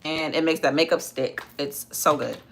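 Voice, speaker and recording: A young woman talks through her makeup on a casual livestream, reading out viewer comments and answering each one. Her voice sits a little low but sounds bright and clear, and her tone stays loose and chatty. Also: moderate pace. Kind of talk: casual live-stream chat while doing makeup.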